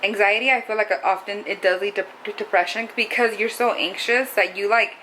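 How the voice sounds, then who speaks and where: A woman's voice: mid-range voice, fairly even intonation, brisk, pushed and bright, rough recording. Young woman, casual confessional vlog, rambling, lots of "like", faint background noise. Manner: rambling, heavy use of "like". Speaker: vlogger. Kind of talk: casual confessional talk to camera.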